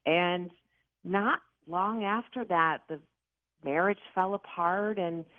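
A woman in her fifties from the Chicago area, a paranormal investigator telling her stories in an interview with lively, dramatic, self-mocking delivery. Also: lowish voice, slow pace, no echo. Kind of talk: animated storytelling interview. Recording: tinny phone-like line, dry.

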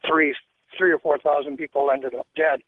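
A man's voice: fairly high pitch, flat delivery, normal speed, no room sound. Rambling older man on a muffled phone line. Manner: rambling, hesitant, jumping between claims. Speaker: caller. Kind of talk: phone-in conversation. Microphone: telephone.

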